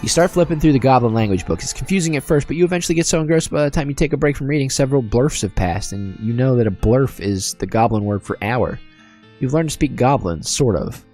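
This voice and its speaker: A man's voice: medium pitch, lively intonation, fast talker, darkish tone, faint music behind. A man casually commenting on and reading aloud from a video game, chatty and self-deprecating. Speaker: video game let's-play host.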